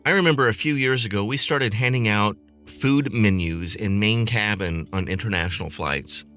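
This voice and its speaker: A man's voice: fairly low pitch, normal speed, a bit bright, soft background music. A man hosting a podcast, ranting in a snarky, profane, sarcastic way. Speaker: podcast host and flight attendant. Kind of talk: comedic rant.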